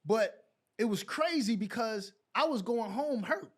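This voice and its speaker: A middle-aged man from New York, a podcast guest and former pro basketball player, telling colloquial stories with animated dialogue. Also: very high-pitched, a little slow. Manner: colloquial, animated storyteller who acts out dialogue. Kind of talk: casual storytelling interview.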